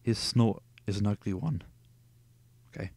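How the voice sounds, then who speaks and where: Man, lower voice, home reader of a novel, sardonic asides between passages. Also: unhurried, darkish tone, slightly rough, dry recording. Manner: sarcastic, cuts in with profane asides. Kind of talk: reading a novel aloud with jokey asides.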